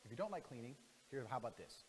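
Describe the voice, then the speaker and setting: A man's voice: medium pitch, sing-song, fast talker, a little hiss or hum. A man in a brash monologue, talking in a boastful, profane and mocking way. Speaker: internet personality in played clips. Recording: reverberant clips with music underneath.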